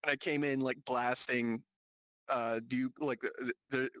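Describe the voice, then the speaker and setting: Bright-voiced man hosting casual banter. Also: mid-range voice, steady tone, unhurried, no echo, low-quality recording. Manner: rambling, swears freely, laughs often. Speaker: podcast host. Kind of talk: casual group banter about VR.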